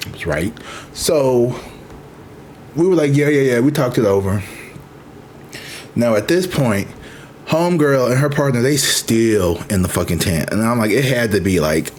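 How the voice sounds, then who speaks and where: A man in his thirties telling a story in a casual, profane, animated way, as a vlogger. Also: mid-range voice, moderate pace, long pauses, a little hiss or hum. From Missouri, USA. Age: 30s.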